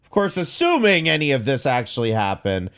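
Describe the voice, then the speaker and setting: Sarcastic man with a lively voice. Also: medium pitch, fairly quick, clear, resonant tone. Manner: sarcastic, profane, skeptical asides. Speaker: commentary host. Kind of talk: reaction commentary.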